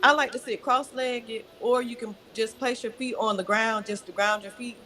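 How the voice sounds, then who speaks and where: A woman yoga teacher guiding a breathing exercise, speaking calmly and instructively and answering politely. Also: on the high side, normal speed, rough recording. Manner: calm, instructive, says "yes, ma'am".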